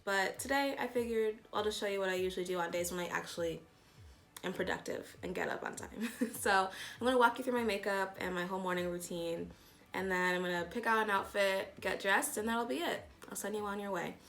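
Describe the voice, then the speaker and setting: A woman's voice: mid-range voice, a little fast, vocal fry. A young woman vlogger chatting casually through her morning makeup routine, her voice groggy from just waking up. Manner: chatty, rambling, relaxed. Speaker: beauty vlogger. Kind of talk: casual get-ready-with-me chat.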